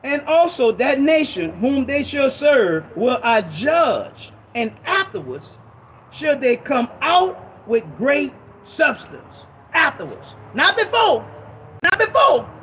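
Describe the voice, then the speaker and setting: A man preaching an informal Bible teaching sermon, emphatic and slangy, repeating himself and breaking into shouted bursts. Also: extremely high pitch, sing-song, slow, slight background noise.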